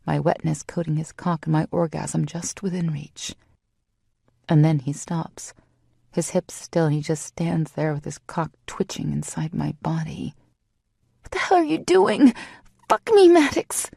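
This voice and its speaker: A woman narrating a first-person romance audiobook in an intimate, steady storytelling manner. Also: low-pitched, unhurried, creaky, breathy edge, dry recording, clean studio sound.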